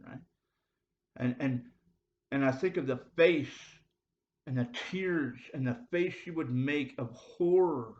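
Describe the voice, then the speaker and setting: Slangy, emphatic young man preaching. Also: mid-range voice. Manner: slangy and emphatic, rising to loud insistence. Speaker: ministry video speaker. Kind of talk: casual preaching monologue. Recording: dull lo-fi audio.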